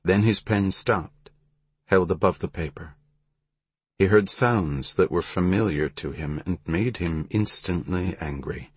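Deep husky male narrator. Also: measured pace, no room sound. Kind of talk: scripted audiobook narration.

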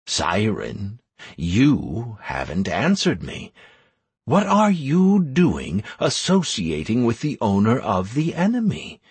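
Man voicing a demanding vampire patriarch, audiobook, slow and husky, dry sound. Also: fairly low pitch, huge pitch swings, darkish tone, no room sound, full character voice. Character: menacing male vampire patriarch, imperious.

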